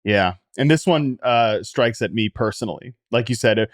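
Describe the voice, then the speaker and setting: A man with a mid-range voice talks fantasy football fast and loose, often poking fun at himself. He tells stories with filler words and bursts of pace. The sound is dry and close to the mic. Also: mid-range voice, expressive, no echo. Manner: quick, self-mocking storyteller. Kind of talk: casual sports analysis chat.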